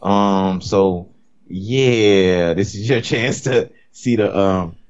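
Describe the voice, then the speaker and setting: Man, podcast co-host, very deep voice, profane, self-mocking, tangents, muffled audio. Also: extremely slow, a little mellow, clean tone. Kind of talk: casual podcast chat.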